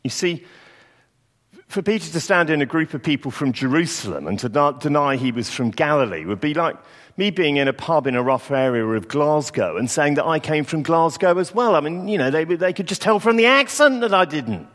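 A man's voice: fairly high pitch, animated, fairly quick, fairly bright tone. A man giving a sermon, telling a story in a reflective way and acting out quoted lines. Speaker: preacher. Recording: long hall reverb.

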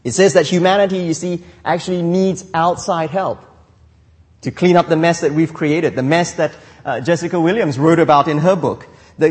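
A man preaching from the pulpit. His voice is fairly high and swings widely in pitch, and he restarts his phrases and asks rhetorical questions. The sound rings with the long reverb of a large church hall. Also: a little mellow. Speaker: pastor. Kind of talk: sermon.

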